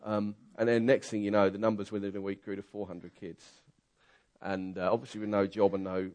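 A man preaching a conversational sermon, telling a story that swings from quiet asides to loud, excited bursts. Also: on the low side, fairly quick.

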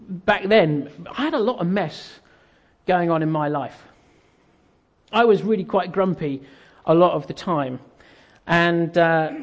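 A man giving a sermon as a pastor, telling a story and acting out the dialogue with self-deprecating humor while an audience laughs. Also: sits high.

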